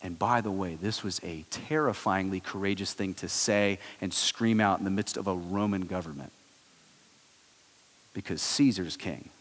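A man preaching a sermon, telling the story with animated swings between loud exclaiming and hushed low tones. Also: normal speed. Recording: long hall reverb.

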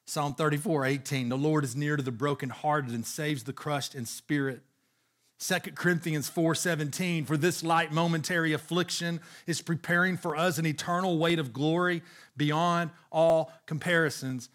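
A man's voice: a little high, steady tone, normal speed, fairly bright tone. A man preaching a sermon, earnestly reading scripture aloud with frequent restarts. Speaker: pastor.

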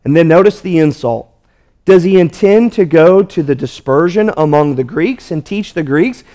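A man's voice: fairly high pitch, normal speed, mellow. A man preaching a sermon, emphatic and repetitive, walking through a passage verse by verse. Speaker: pastor.

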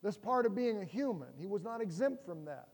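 A man's voice: sits high, expressive, fairly quick, a little mellow. A middle-aged man preaching a sermon, conversational and humorous, with rhetorical questions to the congregation. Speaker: pastor. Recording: long hall reverb.

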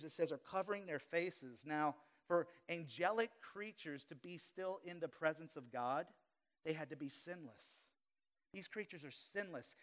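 Higher-voiced preacher swinging loud and soft. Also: male voice. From Louisiana, US. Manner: dynamic preaching, swings between loud emphasis and quiet asides; humorous confessional asides. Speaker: pastor. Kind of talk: live sermon. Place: church sanctuary before a congregation.

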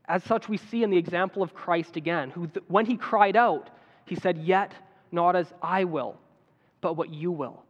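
A man's voice: sits high, normal speed. A man preaching a sermon in an earnest manner that builds to emphatic appeals. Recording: dull sound with long hall reverb.

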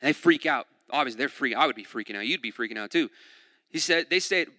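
A man preaching a sermon in a relaxed, conversational way, often saying "like" and repeating words. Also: mid-range voice, fast talker, no echo, clean studio sound, in a large hall. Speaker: pastor.

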